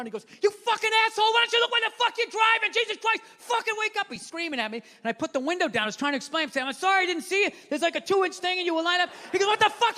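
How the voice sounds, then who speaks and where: A middle-aged man doing a loud, swearing stand-up rant on stage, heard with the reverb of a live hall and an audience. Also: very high voice. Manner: loud, ranting, swearing, mocking. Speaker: stand-up comedian. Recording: live hall with crowd and faint noise.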